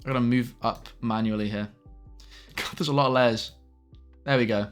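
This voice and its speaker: A young man chatting casually on a live stream, with quick asides to his chat. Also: medium pitch, fairly even intonation, smooth, faint music behind.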